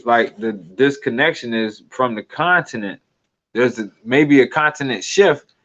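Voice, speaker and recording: Here a man offers casual, wandering video commentary, drifting between topics and laughing occasionally. He has a mid-range, fairly bright voice, captured with dull lo-fi sound.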